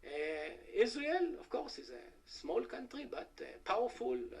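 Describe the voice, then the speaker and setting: Male conference speaker, middle-aged, high voice, hesitant and wry. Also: wildly swooping pitch, gravelly. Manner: halting, many "uh" fillers, wry asides to the audience. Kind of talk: academic conference talk. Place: conference hall.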